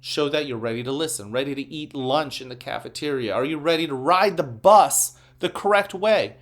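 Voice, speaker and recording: A man speaking as a school principal, leading a slow guided breathing exercise and then giving upbeat morning announcements to children. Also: fairly high pitch. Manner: calm, slow guiding voice during breathing; upbeat, encouraging address to children.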